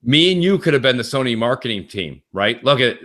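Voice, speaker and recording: A man's voice: mid-range voice, a little fast. A man on a casual gaming podcast, ranting animatedly and acting out quoted conversations, with plenty of swearing. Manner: animated, profane, acts out quotes. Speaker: podcast co-host.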